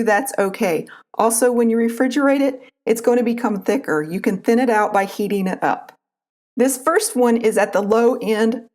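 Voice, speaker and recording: A woman with an Appalachian accent, calmly explaining a recipe step by step as a cooking channel host. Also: fairly high pitch. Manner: calm, instructive, homespun. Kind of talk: recipe tutorial voice-over.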